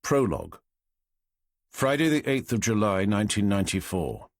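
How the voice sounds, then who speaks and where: A man, narrating an audiobook in a measured, expressive way, on a close studio microphone. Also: lowish voice, dry recording.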